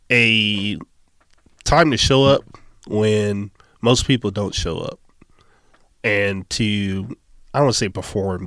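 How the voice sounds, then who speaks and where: A man sits as a guest on a casual podcast, telling stories in an easygoing way and often breaking into a laugh. His voice sits on the low side. The sound is dry and close to the mic. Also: a bit bright, no room sound.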